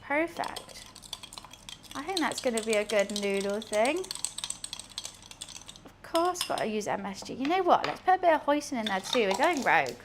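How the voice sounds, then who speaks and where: Slow-talking woman, chatty cook. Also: on the high side, sing-song, noisy background. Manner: chatty, swears casually, talks to herself. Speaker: streamer. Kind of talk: casual cooking livestream chat.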